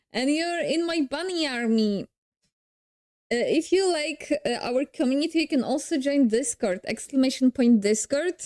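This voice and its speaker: A woman's voice: sits high, lively intonation, unhurried, a little mellow. A young woman with a Polish accent, a streamer casually reacting and thinking aloud with frequent restarts.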